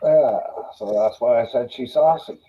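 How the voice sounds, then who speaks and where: A man's voice: medium pitch, moderate pace. A man telling rambling anecdotes in a casual livestream chat. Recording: dull lo-fi audio.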